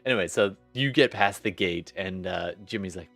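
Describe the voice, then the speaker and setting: A man's voice: deep voice, moderate pace, creaky, few pauses, a bit bright, soft background music. A man running a tabletop game as game master in a laid-back, chatty way.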